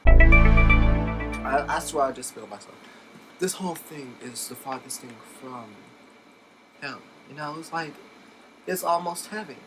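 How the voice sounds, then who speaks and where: A man chatting casually while unboxing a laptop, excitable and gushing, recorded on a phone at home. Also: medium pitch, normal speed, rough recording. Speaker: tech unboxing vlogger. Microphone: phone camera. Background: background music.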